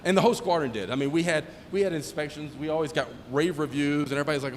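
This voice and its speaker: A man's voice: on the high side, rapid-fire. A middle-aged man, a former squadron commander, giving a joking anecdotal speech at a retirement ceremony and acting out the dialogue in his stories. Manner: joking storyteller who acts out dialogue. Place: ceremony hall. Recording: long hall reverb, faint ambient noise.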